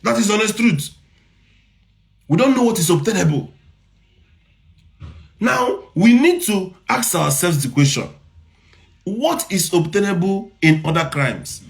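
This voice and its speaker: A man's voice: high-pitched, lively intonation, a little slow, gravelly, pauses often. A man with a Nigerian accent giving impassioned commentary, repeating his points and firing rhetorical questions. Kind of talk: impassioned social media commentary.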